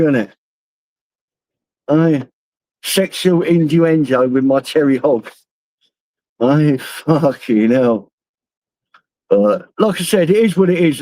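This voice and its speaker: A man's voice: fairly high pitch, darkish tone, no echo, poor audio. A middle-aged man with a London accent, chatting to his stream viewers on his phone while driving, rambling and swearing freely. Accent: London English. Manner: rambling, heavy swearing, laughs at own stories. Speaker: live streamer. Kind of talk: casual live-stream chat while driving.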